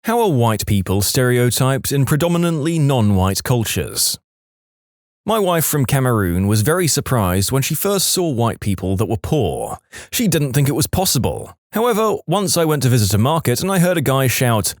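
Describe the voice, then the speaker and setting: A man's voice: medium pitch, very animated, moderate pace, dry recording, clean studio sound. A man narrating a string of reddit stories aloud, briefly putting on the voices of the people he quotes.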